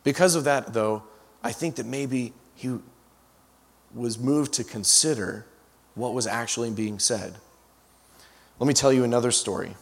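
A man's voice: medium pitch, unhurried, creaky, long pauses, breathy edge. A man preaching to a congregation, working through stories and breaking off into restarts and side remarks. His voice carries a long reverb that rolls through a big hall. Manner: storyteller with frequent restarts and asides. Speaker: guest preacher. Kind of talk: storytelling sermon.

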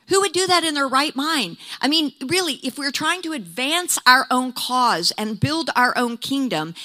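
Bright, animated woman preaching. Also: a little high. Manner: animated, laughing, acting out quotes. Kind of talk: sermon.

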